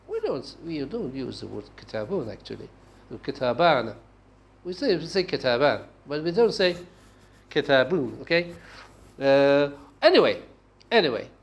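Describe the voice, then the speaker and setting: Slow, animated lecturer. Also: male voice, a little high. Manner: slow, halting delivery with frequent "okay?" checks and restarts. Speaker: linguistics lecturer. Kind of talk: university lecture.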